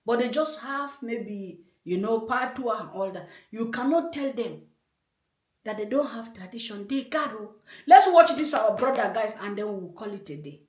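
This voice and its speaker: A woman's voice: on the high side, animated, moderate pace, a little mellow. A woman hosting a reaction video, speaking her mind in an emphatic, rambling, indignant way. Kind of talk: casual commentary. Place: room in Germany. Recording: echoey room.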